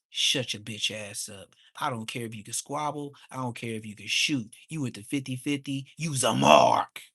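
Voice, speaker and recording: A man, ranting on a livestream. He is heated and mocking, and his voice suddenly jumps high. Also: pushed and bright, no echo, studio quality. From Inglewood, Los Angeles. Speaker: livestream host. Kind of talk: profane livestream rant.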